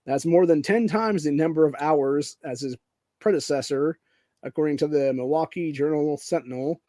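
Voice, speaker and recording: Casting: angry, profane male podcast host from Ohio, dark mellow tone, fairly high pitch. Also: normal speed, no room sound. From Ohio, USA. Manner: profane, angry, says "dude" often. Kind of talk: casual political rant.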